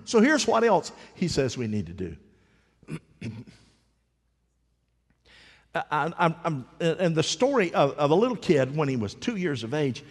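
Male pastor, story-driven sermon delivery, slightly high voice, reverberant hall. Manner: storytelling, animated voices for the child, halting restarts. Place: church.

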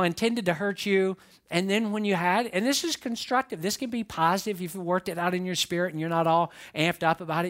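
A man preaching a sermon as pastor, animated, acting out the voices of his listeners and of Bible figures. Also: sits high.

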